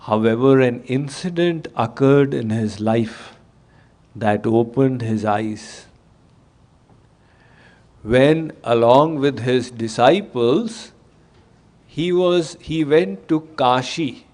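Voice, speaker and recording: A man giving a temple sermon, telling a story in a measured, explanatory way to his audience. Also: mid-range voice, darkish tone. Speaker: spiritual teacher.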